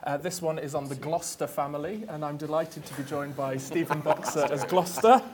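A man's voice: fairly high pitch, steady tone, noisy background. Polite British man chairing a talk. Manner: polite, halting with fillers. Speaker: panel chair. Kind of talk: hosting a stage talk. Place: theatre stage before an audience.

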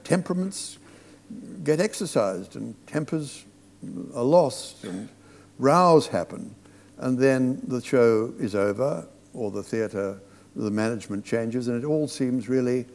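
A man, a theatre director, telling anecdotes to an audience, halting and restarting as he goes. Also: medium pitch, lively intonation, a little mellow. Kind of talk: storytelling on stage. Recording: long reverb of a hall.

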